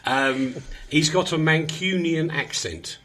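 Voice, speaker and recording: A man's voice: on the high side, slow pace, sharp tone. A man hosting a radio show in a small studio, chatting casually and rambling in a self-mocking way. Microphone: studio microphone.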